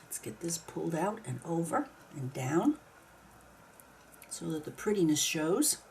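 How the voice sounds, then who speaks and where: A woman talks her way through a craft project in a slow, unhurried voice, step by step, muttering small complaints as she goes. Her voice is warm and mellow. A faint hum of room noise sits behind her. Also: deep voice, big pitch swings, gravelly. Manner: chatty, mildly grumbling, talks herself through each step. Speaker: craft video maker. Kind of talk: casual narration while crafting.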